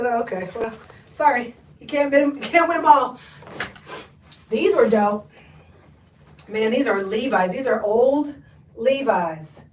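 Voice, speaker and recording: A woman hosting a live thrift haul, chatty and expressive, talking to viewers and sniffly from allergies. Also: a little high, recorded from a distance, slight background noise. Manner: chatty and expressive, talks to viewers, laughs often. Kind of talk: live-stream haul chat. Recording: echoey room, mic set back.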